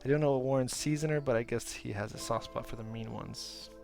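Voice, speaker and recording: A man doing a gruff gnome guard. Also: mid-range voice, brisk, faint music behind, natural voice. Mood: gossipy. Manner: loud, blunt and chatty. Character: gruff grumbling male gnome bridge guard.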